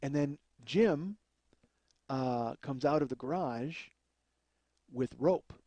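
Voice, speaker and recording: A man's voice: medium pitch, slow pace, noisy background. A man telling a rambling, profane comic story as a podcast host, often laughing at his own tale. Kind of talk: comedic storytelling.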